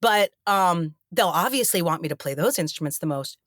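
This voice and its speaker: A middle-aged actress in a casual interview, telling stories and acting out the voices of the people in them. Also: female voice, lowish voice, brisk, dry recording, clean studio sound. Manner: animated, acts out quoted dialogue. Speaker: actress guest.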